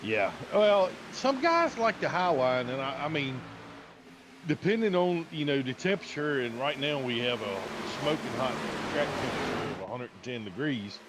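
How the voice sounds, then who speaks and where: A man giving color commentary on a sim race, relaxed and analytical, with many fillers. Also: medium pitch, normal speed, noisy background. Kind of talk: live sim racing commentary.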